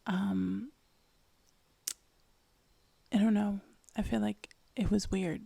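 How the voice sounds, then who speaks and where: A woman talks in whispered role-play, rambling softly in a breathy whisper right up on the mic. Her voice is gravelly and husky, low and mellow. Her pitch stays flat and even, and the sound is dry. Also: takes it slowly, pauses often, dry recording. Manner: rambling, casual whispered chat. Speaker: ASMR channel host.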